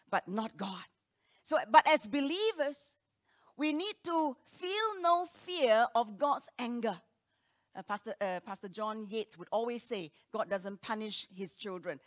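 A woman preaching a sermon, talking emphatically with rhetorical questions and swinging between loud declarations and hushed asides. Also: a little high.

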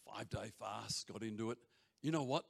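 Animated pastor preaching. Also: male voice, on the low side, a little fast, gravelly, husky. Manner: animated, shouts and drops to near whispers; jokey asides to the congregation. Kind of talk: sermon. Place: church hall before a congregation. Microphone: handheld or stage mic.

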